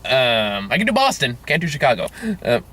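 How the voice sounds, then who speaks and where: A man in a casual movie review chat with a bright, clear voice. He rambles through his thoughts with many restarts and casual swearing, laughing easily along the way. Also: medium pitch, sing-song, normal speed.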